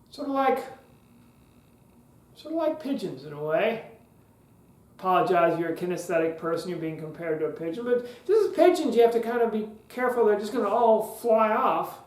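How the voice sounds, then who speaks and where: A man's voice: sits high, animated, normal speed, pauses often, echoey room, low-quality recording. A man hosting a podcast lesson on public speaking, talking in a conversational way with joking asides.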